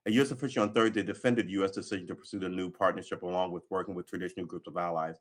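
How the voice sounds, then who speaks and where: A man's voice: deep voice, steady tone, rapid-fire. A man reading news articles aloud on a livestream, stumbling over the text and adding sarcastic asides. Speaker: livestream host.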